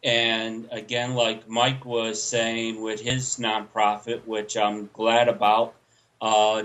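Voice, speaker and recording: A man, a veteran guest on a radio show, speaking earnestly and deliberately with halting pauses. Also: medium pitch, a bit bright, low-quality recording. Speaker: veteran guest, nonprofit volunteer. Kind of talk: radio interview talk.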